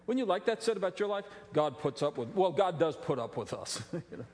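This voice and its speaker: A middle-aged male pastor preaching a sermon, animated and joking, with frequent restarts. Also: fairly high pitch, moderate pace. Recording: long reverb of a large hall.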